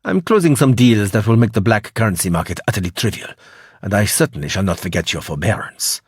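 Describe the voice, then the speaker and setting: Cold arrogant tycoon, flat and curt, a male narrator voicing him; husky, dry audiobook read. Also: on the low side, fairly quick, dry recording. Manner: clipped, flat, scornful. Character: cold, arrogant wealthy tycoon, short-tempered.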